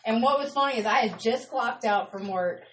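A woman hosting a casual live radio chat, an excitable storyteller who squeals when thrilled. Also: fairly high pitch, moderate pace, distant mic, a little hiss or hum. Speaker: radio show host. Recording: roomy sound from off-mic.

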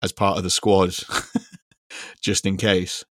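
Laid-back young man, low voice. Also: flat delivery, slow, no room sound, studio quality. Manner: rambling, laughs often, swears casually. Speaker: podcast co-host. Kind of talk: casual football chat.

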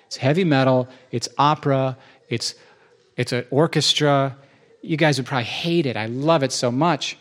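A man's voice: mid-range voice, normal speed. A man preaching a sermon in a church, enthusiastic and conversational, often restarting his sentences.

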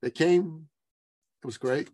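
A man in his forties, a business coach telling a story as a podcast guest, lively and acting out other people's lines. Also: a little high, takes it slowly, no room sound. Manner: lively storyteller who acts out quoted voices.

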